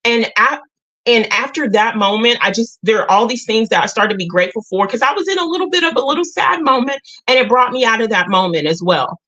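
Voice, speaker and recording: Emotional woman, lively livestream talk. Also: on the high side, brisk, muffled recording. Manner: emotional, earnest, talks to viewers directly. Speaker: livestream host. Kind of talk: casual livestream chat.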